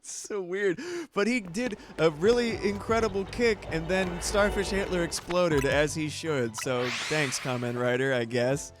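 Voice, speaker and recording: A man's voice: fairly high pitch, measured pace, noisy background. A man streaming a video game, chatting casually in a loose, rambling way and swearing freely. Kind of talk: casual chat while gaming.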